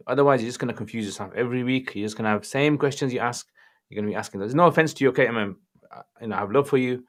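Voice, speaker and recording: A man with a Birmingham accent hosting a casual livestream Q&A, reading out viewer questions and greeting people by name. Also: medium pitch. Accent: Birmingham English. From England. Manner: chatty, greets viewers warmly by name, mixes in Arabic phrases. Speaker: livestream Q&A host answering religious questions.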